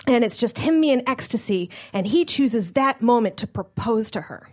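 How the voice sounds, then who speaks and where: Woman, high voice, animated comedic storytelling, acts out quoted voices. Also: normal speed.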